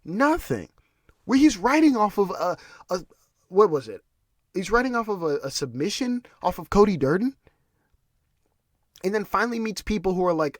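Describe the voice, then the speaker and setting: Animated ranting man, dry close sound. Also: high voice, moderate pace, dry recording. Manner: ranting, animated, with restarts and repeated words. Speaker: podcast host. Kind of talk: casual solo commentary.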